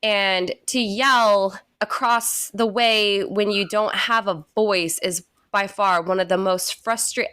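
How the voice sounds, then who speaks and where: A woman's voice: mid-range voice, steady tone, slow pace, hardly any pauses, a bit bright, clean tone, no room sound, studio quality. Stuffy-nosed woman chatting. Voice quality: stuffy, plugged nose. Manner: chatty, laughing storyteller. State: sick with a cold. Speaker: podcast co-host. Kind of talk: casual chat.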